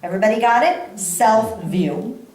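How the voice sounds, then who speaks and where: A woman gives a motivational talk to a live audience, speaking slowly and leaning hard on repeated phrases. Her voice is fairly high and swings widely in pitch. The sound rings with the echo of a large room. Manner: animated, laughs often, repeats phrases for emphasis. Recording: echoey hall.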